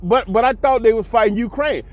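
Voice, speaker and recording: A man's voice: very high-pitched, brisk, no echo. Blunt, emphatic man ranting on a lo-fi recording. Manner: emphatic, repetitive, blunt and profane. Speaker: commentator. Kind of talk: casual monologue commentary. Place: abroad.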